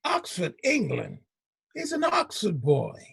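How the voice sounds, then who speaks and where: A male radio host with a gravelly, husky voice that swings widely in pitch as he riffs emphatically. He sits close to a dry mic and talks casually with his co-host. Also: slow, no echo. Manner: animated, emphatic, laughing, puts on voices.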